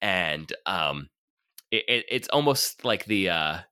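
A man hosting a film podcast, talking casually with halting restarts, fillers and frequent laughter. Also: low voice, lively intonation, sharp tone, clean tone. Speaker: podcast host.

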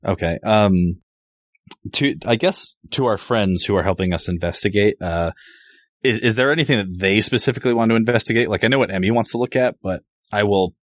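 A man playing a tabletop game who talks in a halting, rambling way, full of restarts. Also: lowish voice, dry recording. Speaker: player. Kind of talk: casual tabletop game play.

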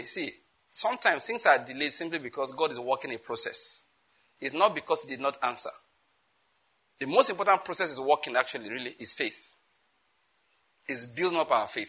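A man's voice: medium pitch, slightly rough, low-quality recording. A man teaching a sermon on prayer, emphatic, often checking that listeners get his point. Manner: reads scripture slowly and loudly. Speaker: preacher.

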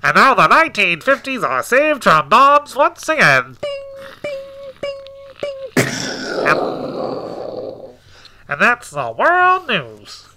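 A woman narrating a comic scene in a deadpan way, played as a clip. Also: mid-range voice, slow pace, pauses often, noisy background.

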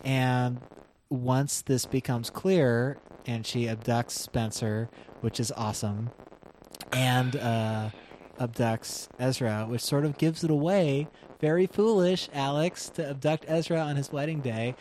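A man's voice: medium pitch, slow, darkish tone, slight background noise. A man co-hosting a podcast, chatting casually with many fillers while recapping a TV episode. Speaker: podcast co-host.

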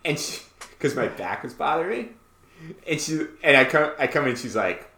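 A man co-hosting a podcast in casual chat. He is excitable, laughs often and his voice leaps up when he tells a story. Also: normal speed. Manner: excitable, laughs often, pitch jumps way up when telling stories. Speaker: podcast co-host. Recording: roomy echo.

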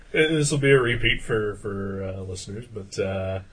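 Husky-voiced man telling a rambling story. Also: fairly low pitch, a little slow, a bit bright, poor audio. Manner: rambling storyteller, many "uh" fillers, swears freely. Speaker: podcast co-host. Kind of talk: casual chat.

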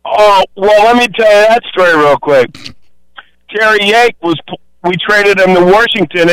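An older man calling into a sports radio show, telling a story loudly and acting out the voices as he goes. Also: a little high, clean tone, dry recording. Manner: boisterous storyteller, acts out voices. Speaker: caller. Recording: phone line.

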